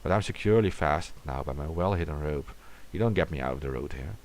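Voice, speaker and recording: A man's voice: very deep voice, lively intonation, quick pace, slight background noise. A man reading a classic horror story aloud in a dramatic way, sometimes dropping to a whisper.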